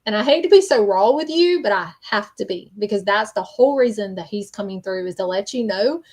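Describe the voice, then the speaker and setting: A woman's voice: medium pitch, expressive, brisk, a little mellow. Woman medium, live-stream reading, earnest and checking in, ordinary mid-range voice. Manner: earnest, repeats "okay?" to check in, frequent ums.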